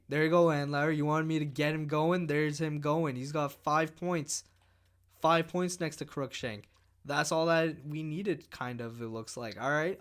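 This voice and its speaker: A man with a slightly higher voice gives casual gaming commentary, half muttering to himself as he goes over player stats. When the action heats up, he turns loud and animated. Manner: muttering, then shouting excitedly during game. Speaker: gaming channel host.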